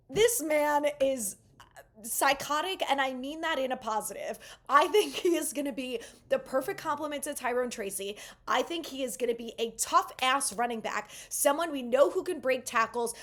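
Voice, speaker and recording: Enthusiastic woman sports channel host. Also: sits high. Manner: enthusiastic, animated fan talk. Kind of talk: casual sports commentary.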